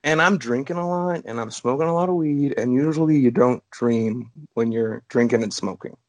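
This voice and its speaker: A relaxed man co-hosting a casual chat podcast. He strings his thoughts together with constant "like"s and casual swearing, at an ordinary middle pitch. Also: normal speed. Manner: laid-back, heavy on "like", frequent swearing. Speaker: podcast co-host.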